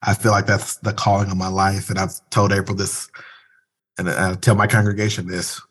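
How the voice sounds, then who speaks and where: A man's voice: sits low, moderate pace, slightly rough. A man who is a pastor, speaking earnestly and reflectively in a conversational interview. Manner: earnest, reflective, breaks into animated imitations.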